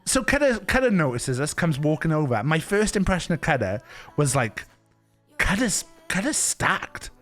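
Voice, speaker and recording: A young Welshman tells a rambling story to his stream in casual, chatty fashion, often restarting and breaking into laughter. His voice is a little high and sing-song, fairly bright, at a moderate pace, with faint music in the background.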